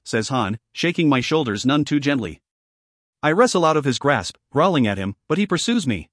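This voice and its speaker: Male audiobook narrator, first-person story, lively pitch, dry close sound, slightly high voice. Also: moderate pace, no room sound.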